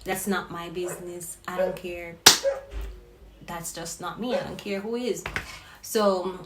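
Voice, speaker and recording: A woman vlogger telling a personal story in a casual, animated and profane way. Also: fairly low pitch, a little slow. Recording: roomy with faint noise.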